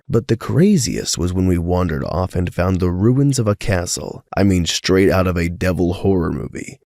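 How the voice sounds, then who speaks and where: A man narrating first-person stories as a story reader, sounding a bit sick with a cold and keeping a steady reading pace. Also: low-pitched, dry recording, studio quality.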